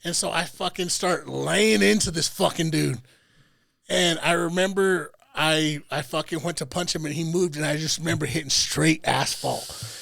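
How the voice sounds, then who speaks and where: A young man with a high, gravelly voice tells a story on a podcast. He swears freely and acts out the lines people said. The sound is close and dry, with almost no room around it. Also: normal speed, dry recording. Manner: animated, profane storyteller who acts out quotes. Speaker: podcast host.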